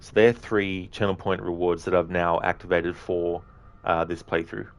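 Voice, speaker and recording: A man streaming a game, chatting casually and warmly with viewers in a relaxed, rambling way. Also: low-pitched, normal speed. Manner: relaxed, friendly, rambling with fillers. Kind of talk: casual chat with viewers over gameplay.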